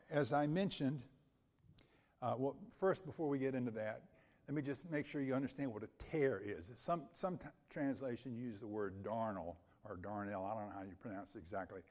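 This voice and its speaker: A man delivering a Bible-teaching sermon in a somewhat high-pitched voice. He reads scripture in a measured way, then explains it methodically, stacking repeated phrases and sometimes restarting when he speaks off the cuff. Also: darkish tone. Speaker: preacher. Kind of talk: expository sermon with scripture reading.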